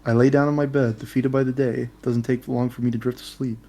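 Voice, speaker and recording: A man's voice: mid-range voice, level tone, a little fast, warm tone. A man reading a story game aloud, plain first-person narration with offhand asides.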